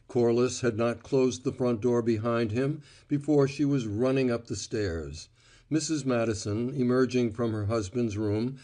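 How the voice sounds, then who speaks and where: In this scripted audiobook narration, a medium-pitched man reads in a measured yet expressive way.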